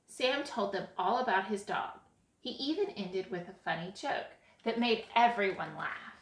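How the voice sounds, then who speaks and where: A woman reading a children's picture book aloud in an expressive way as storyteller. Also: medium pitch. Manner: expressive, slow read-aloud. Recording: echoey room.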